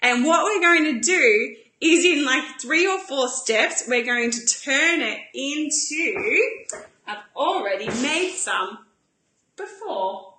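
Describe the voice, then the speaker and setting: A woman's voice: high-pitched, expressive, slow, reverberant, background noise. A woman hosting a live cooking demonstration, chatty and enthusiastic. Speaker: cooking show host.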